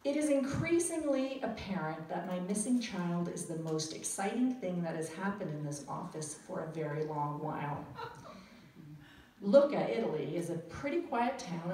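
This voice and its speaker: A woman's voice: lowish voice, mellow. Wry woman storyteller, echoey and distant. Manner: wry, self-deprecating. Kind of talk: live comic storytelling to an audience. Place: cafe storytelling night. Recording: echoey cafe recording from far off with room noise. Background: audience laughter.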